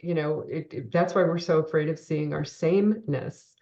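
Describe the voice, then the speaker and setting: A woman's voice: low voice, normal speed, warm tone, muffled recording. A woman co-hosting a reflective spiritual conversation, thinking aloud with many fillers and restarts. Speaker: co-host discussing a spiritual text.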